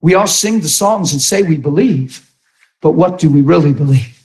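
A man preaching a sermon with passion, often shouting and repeating himself. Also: fairly high pitch, expressive, moderate pace.

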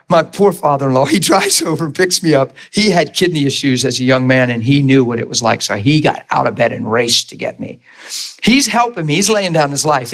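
Male preacher, 30s–40s, lively testimony delivery with wide pitch swings and frequent laughs. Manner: animated, laughs often, acts out scenes. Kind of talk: sermon testimony storytelling.

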